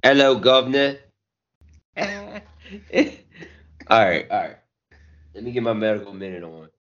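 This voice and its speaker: A man's voice: low-pitched, moderate pace. A man co-hosting a podcast, chatting loosely with crude jokes and banter. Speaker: podcast co-host. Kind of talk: casual chat. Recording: dull lo-fi sound.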